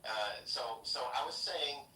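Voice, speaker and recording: A chatty man hedges his opinions in a casual debate and laughs easily. His voice is bright. He sounds distant in an echoey room. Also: mid-range voice, unhurried. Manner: chatty, hedging, laughs often. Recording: echoey room, distant mic, faint hiss.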